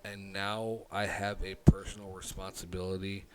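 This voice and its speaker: A man streaming alone, talking through his thoughts in a rambling, halting way, often swearing and putting on a southern drawl. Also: low-pitched, flat delivery. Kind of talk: casual live-stream monologue. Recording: loud music behind the voice.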